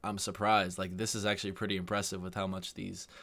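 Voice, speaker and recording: American guy rambling about a video, deep-ish voice, lots of vocal fry. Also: quick pace. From United States. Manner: relaxed, rambling with fillers. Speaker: reaction video host. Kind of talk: casual commentary.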